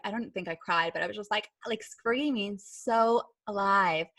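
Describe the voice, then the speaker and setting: A woman's voice: mid-range voice, fairly bright tone, no room sound. A woman guest on a podcast, telling a personal story in a chatty way, full of filler words. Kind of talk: storytelling in a casual interview.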